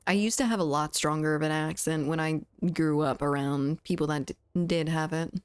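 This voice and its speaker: A woman's voice: deep voice, steady tone, moderate pace, smooth, no room sound. A woman from the southern United States with a mild Southern accent, chatting casually with her chat while streaming a game and often laughing.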